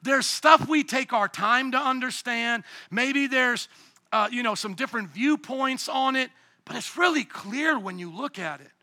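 A middle-aged man preaching a sermon as pastor, lively and acting out the people he quotes. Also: very high voice, unhurried, no echo, clean studio sound.

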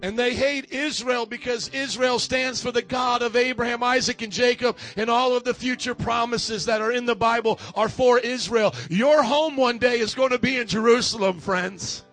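Male pastor, fiery sermon, very high pitched, rallies the congregation, faint music under. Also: fairly even intonation, moderate pace, few pauses, fairly bright tone. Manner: emphatic, calls out for congregation responses. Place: church service before a congregation.

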